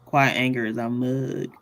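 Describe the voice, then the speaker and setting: A man with a gravelly, creaky edge to his mid-range voice runs a relaxed live class. He jokes and laughs easily while talking his viewers through each step. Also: medium pitch. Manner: playful, laughs often, chatty asides. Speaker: workshop host. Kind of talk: casual live tutorial.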